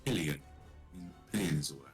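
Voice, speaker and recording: Casting: sarcastic guy on voice chat, very low and husky. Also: big pitch swings, a little fast, faint music behind. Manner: dry, sarcastic, grumbling. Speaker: co-player on voice chat. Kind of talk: casual chat while gaming.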